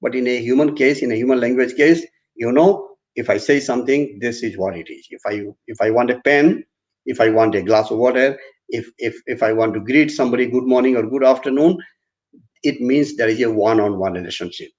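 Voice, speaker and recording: A man's voice: medium pitch, fairly quick. A man with an Indian English accent giving an online university lecture, often restarting his phrases and acting out examples. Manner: repetitive restarts, animated acted examples. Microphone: computer mic on a video call. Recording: dull lo-fi online class audio.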